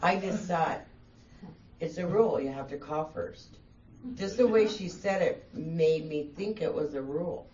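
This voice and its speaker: In a distant, dull recording with faint room hiss, a woman guest speaker shares her personal story at a meeting. Her deep, warm voice moves at a moderate pace, and she's candid, self-mocking, and laughs while talking.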